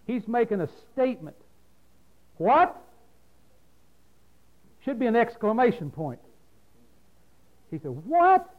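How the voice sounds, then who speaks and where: Through lo-fi sound, a man with a high-pitched voice preaches a sermon in a folksy, plain-spoken style. He poses questions to his listeners and answers them himself.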